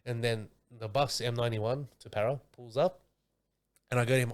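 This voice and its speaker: Aussie guy, podcast host, casual slangy storytelling, average pitch. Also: fairly even intonation, fast talker, clean tone. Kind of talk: casual chat.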